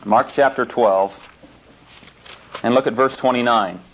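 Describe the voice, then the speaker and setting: Male preacher, mid-pitched, emphatic and insistent, muffled lo-fi tape. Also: a little slow, slight background noise. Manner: emphatic, insistent, repeats key points. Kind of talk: sermon with scripture reading. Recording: dull lo-fi tape recording.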